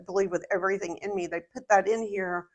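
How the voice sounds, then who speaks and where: A woman's voice: medium pitch, fairly even intonation, fast, muffled recording. A woman co-hosting a casual group Bible study, chatty and often laughing, with frequent restarts.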